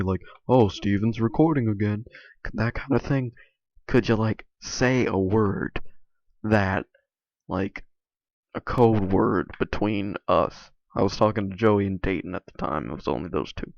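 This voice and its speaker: A man's voice: on the low side, creaky, no room sound, highs cut off. A young man with a sore, tired voice talks hesitantly in a casual vlog, full of restarts and fillers. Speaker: YouTuber. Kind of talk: casual rambling vlog monologue.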